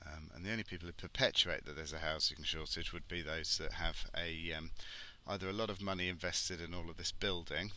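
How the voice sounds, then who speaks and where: A man's voice: deep voice, fairly even intonation, a little fast, hardly any pauses, bright, forceful tone, rough recording. A man who is a property expert, giving blunt, sarcastic vlog commentary while driving a car. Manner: blunt and sarcastic, swears freely.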